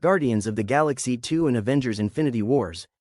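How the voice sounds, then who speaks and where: Guy narrating his own story, flat even voice, dry close mic, lots of "and then". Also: mid-range voice, quick pace, dry recording. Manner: plain run-on telling, strings events with "and then"; reads all characters' lines in his own voice. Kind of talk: unscripted first-person story narration.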